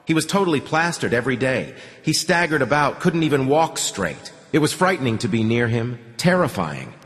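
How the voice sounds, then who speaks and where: A weary young woman speaks bluntly and bitterly in short, plain sentences, read by a male narrator. Her pitch rises and falls in a lively way. A long reverb trails after each line of this audiobook dialogue. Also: moderate pace.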